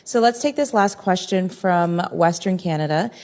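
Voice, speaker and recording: A woman with a lowish voice moderates a live event, reading out questions and thanking the speaker. She sounds appreciative and unhurried in the room. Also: darkish tone.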